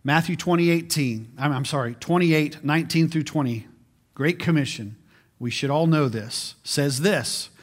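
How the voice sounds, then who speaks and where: A man's voice: a little high, normal speed. A man in his forties preaching a sermon in a conversational way as pastor, often repeating words as he restarts.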